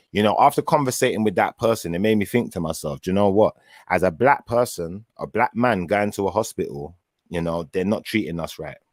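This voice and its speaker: A man with a deep, low voice tells a story in relaxed, casual conversation. He gets animated and acts out what he and others said. The sound is dry and close, with no room echo. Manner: animated storyteller, acts out his own quoted words. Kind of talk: casual chat.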